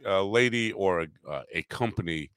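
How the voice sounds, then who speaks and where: Low-voiced halting podcast host. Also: male voice, a bit bright, clean tone, no echo. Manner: halting, many fillers and restarts. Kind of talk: casual podcast chat.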